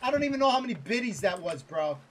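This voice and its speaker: A man streaming a game live, excitable and swearing a lot as he talks to viewers and a teammate. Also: high-pitched, fast talker. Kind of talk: live gaming stream chat.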